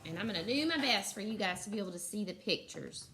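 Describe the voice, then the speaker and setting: A woman teacher giving a phonics lesson to young children, sounding out letters slowly and clearly and praising often. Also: medium pitch, expressive, pushed and bright. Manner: encouraging.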